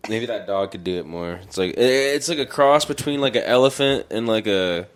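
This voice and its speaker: A man's voice: on the low side, animated, normal speed. A young man hosting a podcast, joking and playful, with frequent bursts of laughter. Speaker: podcast host. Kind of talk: casual podcast chat.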